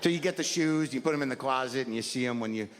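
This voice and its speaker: A man's voice: medium pitch, fast talker. Man in his fifties doing stand-up in a hall. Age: 50s. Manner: rambling, self-deprecating, acts out inner voices. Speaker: stand-up comedian. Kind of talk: stand-up routine. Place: comedy stage before a live audience. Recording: live stage mic in a large hall, audience noise.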